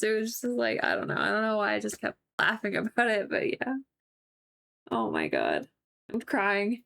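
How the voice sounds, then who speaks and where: A woman's voice: mid-range voice, wildly swooping pitch, normal speed, vocal fry, a bit bright, a little hiss or hum. Giggly rambling woman streamer. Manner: rambling and giggly, with many "like" fillers. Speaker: livestreamer painting on stream. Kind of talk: casual chat with viewers.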